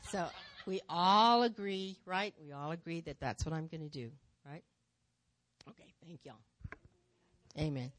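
A woman speaking in church, telling her testimony as a lively story with repeated phrases. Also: deep voice, unhurried. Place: church sanctuary.

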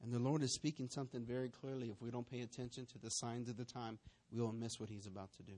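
This preacher talks fast in a steady, mid-range voice with a darkish tone. His sermon is built on stories whose voices and scenes he acts out, along with questions aimed at the congregation.

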